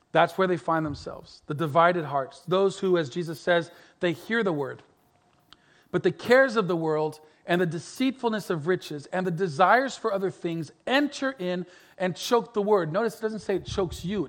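Man, pastor, sermon, high-pitched, earnest, emphatic then soft. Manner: earnest, repeats words, rises to emphatic then drops soft.

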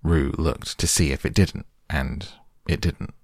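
A man narrating a children's storybook aloud in a gentle, unhurried storytelling manner. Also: very deep voice, breathy edge, no room sound, studio quality.

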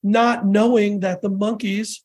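A man in his sixties, a podcast guest, telling rambling, animated anecdotes with restarts and quoted voices. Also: high voice, a little slow. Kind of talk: casual storytelling interview.

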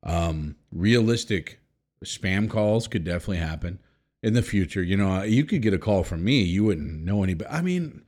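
A low-voiced man hosting a casual podcast, his pitch swinging widely as he reads headlines. He jokes crudely and drops from loud remarks into mumbled asides. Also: lively intonation, moderate pace. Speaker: podcast host. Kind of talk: casual chat, reading headlines.

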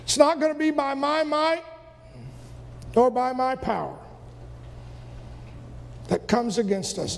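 A man's voice: very high voice, slow, vocal fry, pauses often. A man preaching a fervent sermon as pastor in a church, repeating his phrases and breaking into snippets of hymns. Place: church sanctuary. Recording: long church reverb with faint music.

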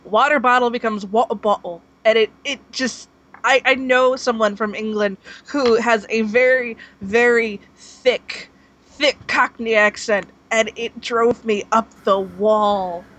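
A woman's voice: a little high, fairly even intonation, a little slow, a bit bright. Blunt woman on a panel chat.

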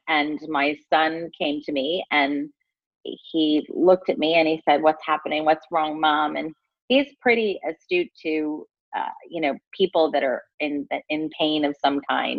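A woman in her forties, an interview guest, telling a personal story in a heartfelt, halting way and often restarting her phrases. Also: deep voice, no echo, muffled recording.

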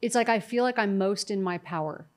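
A woman's voice: mid-range voice, brisk. Chatty middle-aged woman telling stories. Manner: animated storytelling, quotes herself and others. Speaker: guest. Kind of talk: conversational interview.

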